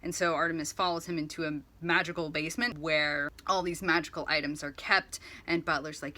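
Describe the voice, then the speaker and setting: A woman's voice: deep voice, fairly even intonation, a little fast, hardly any pauses, bright, forceful tone. A woman giving a casual, rambling commentary comparing a book series with its film, acting out lines in little voices. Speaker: video essay host.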